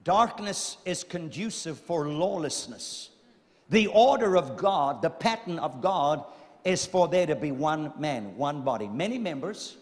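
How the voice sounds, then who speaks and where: High-voiced preacher in a reverberant hall. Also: male voice, expressive, normal speed. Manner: emphatic preaching with repeated phrases and swings in volume. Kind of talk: sermon.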